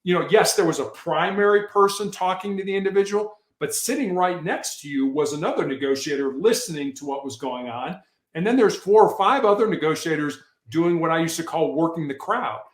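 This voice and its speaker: A man's voice: on the high side, a little fast. A man guesting on a podcast, earnestly explaining his past work as a negotiator in a casual, storytelling way with frequent restarts. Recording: echoey room.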